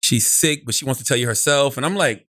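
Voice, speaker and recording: A man co-hosting a podcast, telling stories in a casual, animated way, laughing often and acting out the people he quotes. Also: mid-range voice, fast talker. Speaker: podcast co-host. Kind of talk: casual storytelling chat.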